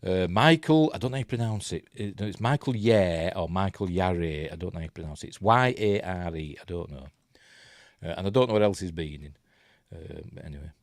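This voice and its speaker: A man's voice: low voice, brisk, dry recording, studio quality. A middle-aged man with a Yorkshire accent giving a casual watch-along film commentary, rambling with many fillers and muttered asides. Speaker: film reviewer.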